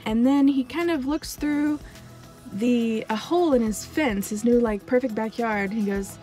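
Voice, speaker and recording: A woman's voice: a little high, moderate pace, warm tone, soft background music. Chatty young woman recapping a series. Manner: chatty, fillers like "like", dramatic asides. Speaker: TV show reviewer. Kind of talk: casual spoiler recap.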